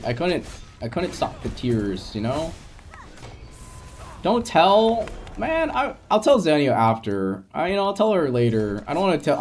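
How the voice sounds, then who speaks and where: A man's voice: mid-range voice, darkish tone. Chatty emotional male streamer. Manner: rambling, laughs often, restarts sentences; openly emotional, reassuring chat. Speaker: game streamer. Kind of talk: casual live-stream chat.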